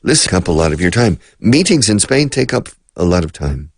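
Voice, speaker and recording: A middle-aged man teaching an English lesson on radio, explaining words slowly and switching between English and Spanish. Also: sits low, big pitch swings, slightly rough, no room sound, studio quality.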